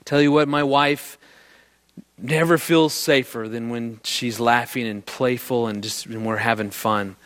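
A middle-aged man with a medium-pitched voice speaks unhurriedly in a live talk on marriage. He tells stories with energy and quizzes the audience with questions.

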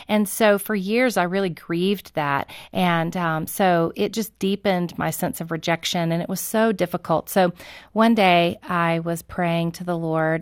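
Woman, lowish voice, dry close sound, heartfelt testimony. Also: clean tone, no echo. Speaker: ministry speaker. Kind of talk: personal testimony.

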